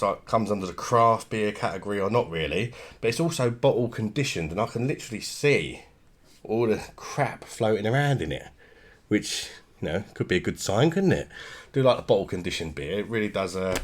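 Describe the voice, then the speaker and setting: A man, chatting casually through a beer review and tagging on rhetorical questions. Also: lowish voice.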